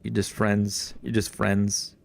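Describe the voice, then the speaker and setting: A man's voice: fairly low pitch, monotone, slow, creaky. A young man streaming a game and telling a long story in a rambling, profane way, with lots of fillers and restarts. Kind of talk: casual storytelling while gaming.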